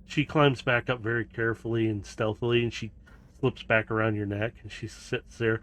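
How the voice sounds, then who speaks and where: A man's voice: lowish voice, fairly even intonation, normal speed, crowd noise. A man narrating and running a tabletop role-playing game as game master, in a casual, storytelling manner with laughs.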